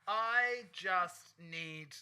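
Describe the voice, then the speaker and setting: A man co-hosting a podcast in a studio, gushing and campy in casual chat with quick asides. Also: sits high, bright, forceful tone, clean tone. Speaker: podcast co-host.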